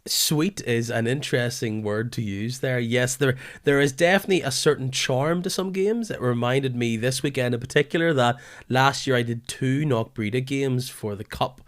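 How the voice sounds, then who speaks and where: A man hosting a football podcast, his voice weary from a lingering illness, keen but halting at times. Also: mid-range voice. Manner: enthusiastic, with halting restarts. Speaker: podcast host. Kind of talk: casual football podcast chat.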